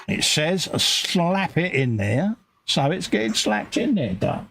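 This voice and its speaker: A man's voice: on the high side, very animated, takes it slowly, vocal fry, fairly bright tone, a little hiss or hum. A man chatting casually and joking with his co-host while talking through each step of building a model kit.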